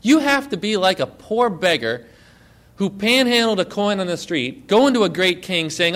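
Male pastor, sermon, slightly high voice, leans hard on key phrases, then drops to a hush. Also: sing-song, normal speed. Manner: emphatic, swings between loud and hushed.

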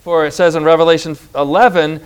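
A man's voice: fairly high pitch, fairly even intonation, a little fast, smooth. A man preaching a sermon with emphatic delivery, stretching out key words and calling on the congregation to repeat phrases.

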